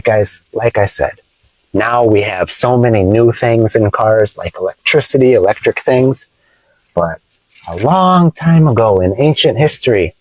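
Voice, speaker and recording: A man teaching English vocabulary from inside his car, playful and explaining slowly with examples. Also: medium pitch, darkish tone, no echo, low-quality recording. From United States. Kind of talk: casual teaching vlog.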